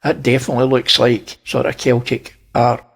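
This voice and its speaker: A man's voice: medium pitch, flat delivery, normal speed, gravelly. A man with a Scottish accent, talking viewers through images and pointing out details, with wry asides. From Scotland. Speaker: channel host. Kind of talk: narrating image analysis.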